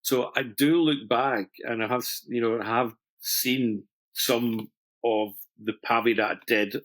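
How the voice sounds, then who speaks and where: A middle-aged master stone setter explains a jewellery technique in a chatty, self-deprecating way, full of restarts and fillers. His medium-pitched voice is a bit bright, fairly even in intonation, and unhurried.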